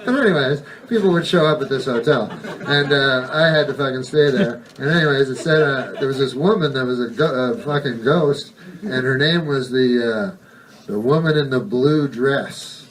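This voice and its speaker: A man doing a stand-up comedy set on a club stage, rambling in a deadpan way and swearing a lot. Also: mid-range voice, moderate pace. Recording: distant mic, noisy live recording.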